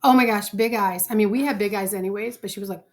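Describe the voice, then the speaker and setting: Tasting her dish in a home kitchen, a schoolteacher hosting a cooking video talks fast in a medium-pitched, darkish voice. The casual chat is playful, and she teases her daughter along the way.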